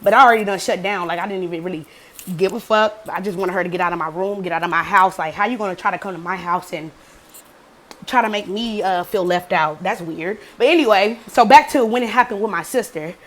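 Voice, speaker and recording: A woman's voice: medium pitch, fairly quick. A young adult woman vlogger casually telling a story, cursing freely and acting out quotes. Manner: profane, animated storytelling with acted quotes.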